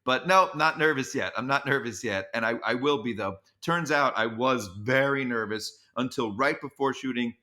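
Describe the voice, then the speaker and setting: A male comedian with a bright, forceful voice tells stories as a podcast guest. He talks in an animated way. He stumbles and repeats words as he goes. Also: medium pitch. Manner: animated, quick restarts and repeats. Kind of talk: podcast interview storytelling.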